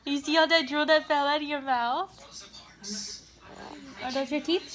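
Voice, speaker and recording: A woman's voice: high-pitched, fairly even intonation, a little slow, pauses often, bright, forceful tone. A young woman vlogging at home, coaxing her baby to talk in a sing-song, laughing voice. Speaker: vlogger and mother. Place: at home, lying down indoors.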